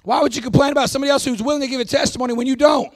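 A pastor preaching a folksy, emphatic sermon, often bursting into shouts. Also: male voice, extremely high pitch, steady tone, racing.

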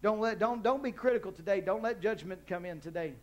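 A man's voice: sits high, fairly quick, dull audio. A man preaching a sermon as pastor in a church, rising into emphatic call-and-response with the congregation. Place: church hall.

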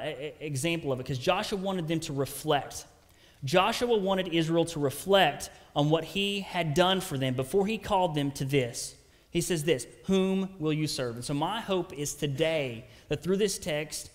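A man preaching a sermon as pastor, earnest and conversational, often checking in with "right?". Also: fairly high pitch. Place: church sanctuary. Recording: long church hall reverb.

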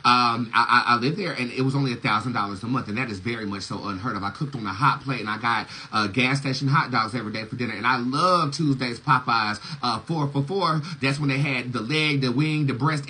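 A man preaches in a loose, casual monologue, emphatic and liberal with curses. His voice is bright and forceful, and he breaks into laughter often. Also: mid-range voice, breathy edge, rough recording. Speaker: tarot reader and spiritual teacher.

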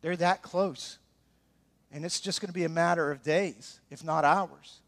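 A man with an Alabama Southern accent preaching a sermon as pastor, animated and throwing joking asides to the congregation. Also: fairly high pitch, measured pace.

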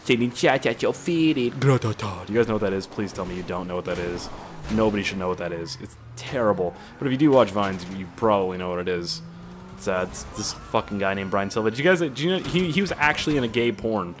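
A man giving casual, rambling gameplay commentary, excitable and swearing often. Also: lowish voice, quick pace, noisy background. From Canada. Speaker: gaming YouTuber.

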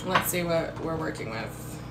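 A woman's voice: low voice, lively intonation, measured pace, vocal fry, heavy background noise. A woman hosting a casual livestream from her kitchen, eating and chatting with viewers in a blunt, profane, laughing way, recorded on a phone. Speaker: livestream host. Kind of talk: casual chat while eating. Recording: echoey room with faint music.

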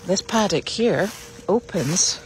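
A woman's voice: mid-range voice, lively intonation, slow pace. Woman, sanctuary keeper, chatty and upbeat, walking outdoors with a phone, a faint hiss behind her. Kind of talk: casual walk-around vlog. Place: outdoors on a farm, walking the paddocks.

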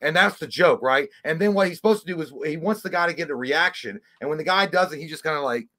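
A man's voice: a little high, quick pace. A man co-hosting a casual movie podcast, swearing freely and ranting with mocking impressions. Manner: profane, animated rants with mocking put-on voices. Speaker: podcast co-host. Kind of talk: casual chat.

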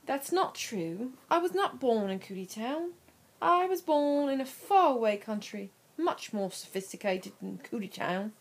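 A woman's voice: on the high side, animated, a little slow. A woman voicing a pompous boy cootie who puts on a snooty, fake British manner. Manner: snooty and put-on. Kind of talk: cartoon voice acting.

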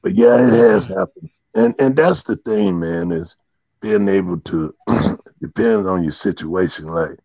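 A man talking in a halting way, full of fillers, as a guest on a casual talk show. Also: deep voice, mellow, no echo, highs cut off. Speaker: podcast guest. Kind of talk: casual chat.

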